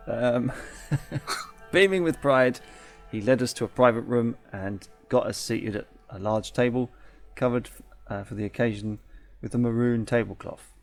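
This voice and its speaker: A man's voice: mid-range voice, unhurried, creaky, soft background music. Chatty man reading a game aloud. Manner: chatty, self-correcting, laughs often. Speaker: let's play host.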